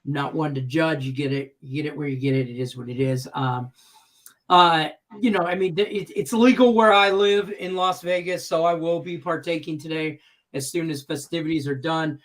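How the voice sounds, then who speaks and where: A host from Detroit, Michigan, runs a casual live stream chat, rambling and chatty and often laughing as he tells stories. His voice is a little high, with a steady tone and moderate pace.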